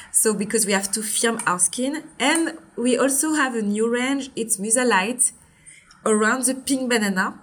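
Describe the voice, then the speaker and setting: A woman in her forties with a French accent, a brand founder explaining her products in an interview in an earnest, step-by-step way. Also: fairly high pitch. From Martinique. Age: 40s.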